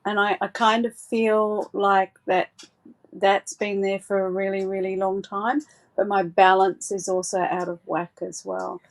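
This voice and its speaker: Slow, hesitant woman psychic. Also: medium pitch, flat delivery. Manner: hesitant, many fillers and restarts; gentle, reassuring advice. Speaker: psychic giving readings. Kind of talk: live call-in psychic reading.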